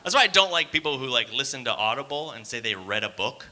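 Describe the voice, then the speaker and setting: Young male stand-up comic, mid-range voice with a crisp bright edge, loose rambling patter. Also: medium pitch, big pitch swings, fast talker, a little hiss or hum. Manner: casual, rambling, many fillers and asides to the crowd. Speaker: stand-up comedian. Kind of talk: stand-up comedy set. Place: theater stage.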